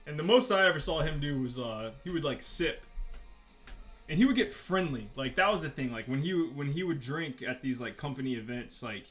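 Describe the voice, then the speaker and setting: A man's voice: mid-range voice, animated, moderate pace, fairly bright tone, soft background music. A man talking casually while he draws, rambling through stories with lots of fillers and swearing. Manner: rambling, profane, filler-heavy storytelling. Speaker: artist vlogger.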